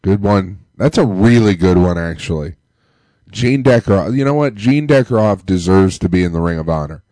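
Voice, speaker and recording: A man hosting a casual sports fan podcast, talking while sick with a deep, congested voice and a loose, joking manner. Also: lively intonation, moderate pace, warm tone, no echo. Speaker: podcast host. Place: Tampa area.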